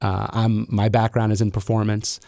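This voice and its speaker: Low gravelly male podcast host. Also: monotone, normal speed, mellow, no echo. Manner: reflective, frequent restarts and fillers. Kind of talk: casual interview conversation.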